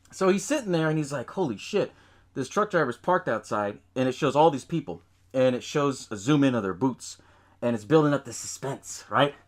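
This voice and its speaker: A man hosting a podcast, recapping a film in loose casual chat, swearing often, laughing and acting out lines from scenes. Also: fairly high pitch. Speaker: podcast host.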